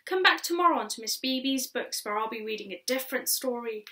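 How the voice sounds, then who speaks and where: A woman reading a children's picture book aloud, expressive, with gasps and whispered asides. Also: fairly high pitch, brisk. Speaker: children's story reader.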